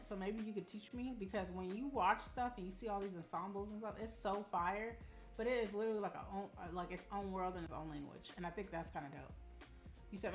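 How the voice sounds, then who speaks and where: A young woman from Arizona chatting casually with her live-stream audience, telling animated stories and calling them y'all. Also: medium pitch. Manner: chatty, animated storytelling, addresses chat as y'all. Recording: roomy room with faint music.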